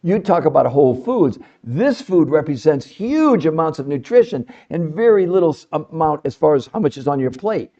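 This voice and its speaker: Animated, emphatic man on a podcast. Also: fairly high pitch, normal speed, hardly any pauses, lo-fi sound. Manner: animated, emphatic, fond of rhetorical questions. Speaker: podcast host. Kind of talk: impassioned health talk to an audience.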